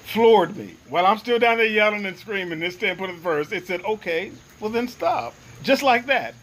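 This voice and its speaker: A man's voice: high voice, lively intonation, brisk, fairly bright tone, rough recording. A man earnestly recounting a personal experience in first person, reflective and searching for the right words. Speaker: guest sharing a personal experience.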